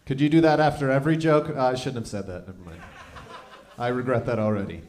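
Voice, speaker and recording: A man doing stand-up comedy on a club stage, delivering deadpan one-liners. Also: mid-range voice, fast talker.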